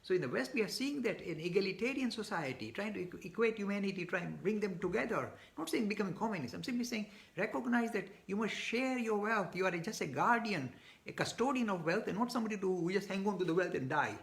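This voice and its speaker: A man's voice: sits high, animated, quick pace, vocal fry, a bit bright. A man answering audience questions in a live online talk, speaking emphatically with frequent restarts and repeated words. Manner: gets worked up.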